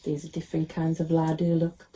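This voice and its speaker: A woman teacher reading a picture book aloud to children, expressive and with frequent ums. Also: low-pitched, brisk.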